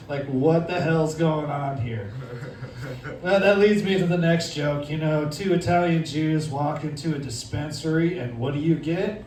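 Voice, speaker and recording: A man's voice: on the high side, measured pace, darkish tone, slight background noise. Crude rambling comedy sidekick, a man. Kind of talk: live stand-up. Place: comedy night in a dispensary. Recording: echoey room, distant mic, music.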